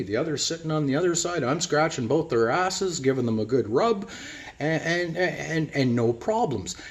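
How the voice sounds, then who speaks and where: A middle-aged man giving a rambling casual monologue to his viewers, often calling them "people" and repeating his words. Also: medium pitch. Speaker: vlogger.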